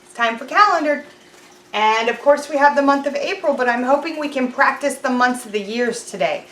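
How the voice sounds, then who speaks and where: A woman teaching a children's lesson, talking slowly and clearly in a sing-song teacher voice to young kids. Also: high-pitched, animated, a bit bright. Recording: roomy echo.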